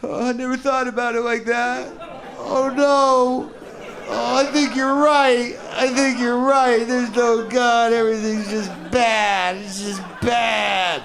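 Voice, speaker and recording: A man's voice: very high voice, flat delivery, vocal fry, a crowd in the background, pitched above the performer's own voice, heavily acted. A man doing a whimpering crushed believer. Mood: despairing. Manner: whiny, slow and despairing.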